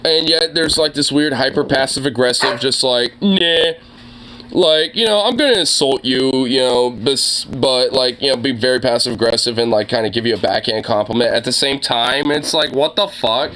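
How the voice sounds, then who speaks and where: A man's voice: mid-range voice, normal speed, few pauses, sharp tone, slight background noise, poor audio. A young man with a sore throat, chatting casually as a podcast host, rambling with lots of fillers and swearing. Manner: rambling, filler-heavy, profane. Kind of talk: casual chat reacting to videos.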